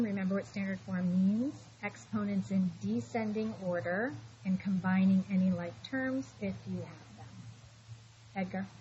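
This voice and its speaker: A middle-aged woman with a mellow, mid-range voice teaches math in a classroom lecture, patient and reassuring as she walks students through every step. The recording is a little dull with a faint hiss underneath.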